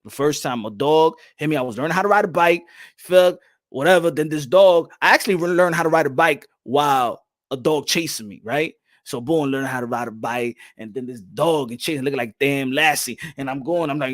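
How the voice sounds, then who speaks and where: New guy with a pretty high voice, chatty podcast host, swears a lot and laughs through his stories. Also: brisk. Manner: animated, profane, laughs often. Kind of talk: casual storytelling chat.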